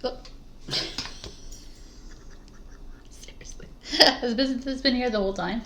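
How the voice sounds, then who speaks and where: A woman's voice: medium pitch, expressive, normal speed, pauses often, sharp tone. A woman reading tarot cards for the viewer, musing and affirming, with giggly, rambling, self-mocking asides. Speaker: tarot reader. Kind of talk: tarot card reading to camera.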